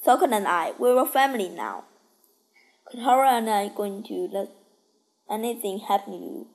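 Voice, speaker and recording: A gentle young cartoon monk comforts a friend and speaks of family, as a woman voices him. The delivery is soft and earnest, at a middle pitch. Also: expressive, moderate pace, close to an everyday voice, low-quality recording. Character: kind young boy monk, gentle and loyal.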